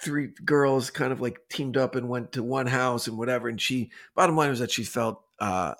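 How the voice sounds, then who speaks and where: A man's voice: mid-range voice, moderate pace, vocal fry. A man co-hosting a podcast, telling a story in casual chat with many restarts and asides. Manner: rambling, restarts, animated retelling. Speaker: podcast co-host.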